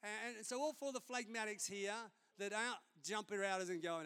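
A man's voice: high voice, moderate pace, hardly any pauses, fairly bright tone, clear, resonant tone. A man, a senior pastor preaching a sermon in a conversational, storytelling way during a church service.

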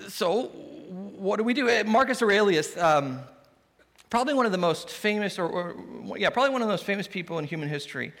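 A man's voice: high voice, lively intonation, fairly quick, a bit bright. A man preaching a sermon as pastor, conversational and humorous. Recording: long hall reverb.

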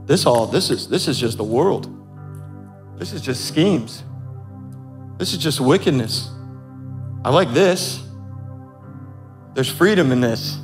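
A man preaching a sermon to a congregation in a casual, joking way, with quick asides to the crowd. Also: medium pitch, lively intonation, faint music behind. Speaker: pastor.

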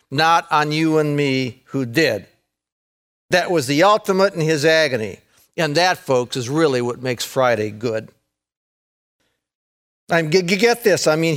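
Here a man preaches with a folksy touch, his pitch on the high side. Saying "man" and "folks" and repeating himself, the pastor alternates between excited, raised sections and hushed, intense ones.

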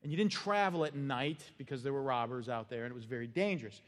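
A man's voice: mid-range voice, quick pace, long reverb tail. A man preaching a sermon as a pastor, talking conversationally and animatedly, acting out quotes and laughing at his own jokes.

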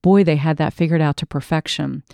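A woman hosting a podcast, reading a memoir aloud with expressive, dramatic delivery. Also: deep voice, fairly quick, creaky, clear, resonant tone, dry recording. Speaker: podcast host.

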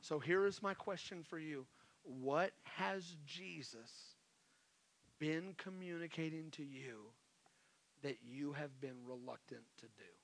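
A male pastor preaching a sermon, repeating his calls and swinging from hushed pleas to loud exhortations. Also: fairly high pitch, takes it slowly. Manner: impassioned, repetitive exhortations, swings from hushed to shouting. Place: church sanctuary. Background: soft worship music.

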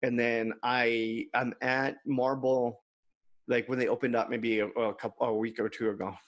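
A man's voice: medium pitch, flat delivery, moderate pace. A man co-hosting a podcast, candidly telling a personal story in casual chat and quoting others in his own voice. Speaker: podcast co-host.

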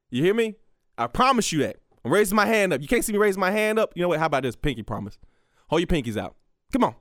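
A man's voice: a little high, a bit bright, no echo, studio quality. A man hosting a solo podcast, rambling and profane, with lots of restarts. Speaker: podcast host. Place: radio station studio.

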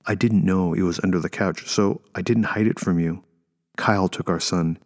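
A man's voice: steady tone, moderate pace, in a large hall, close to an everyday voice. A man voicing a desperate pleading mother. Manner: pleading, impatient, rising into high strained pleas. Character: desperate young mother, woman betraying former lover.

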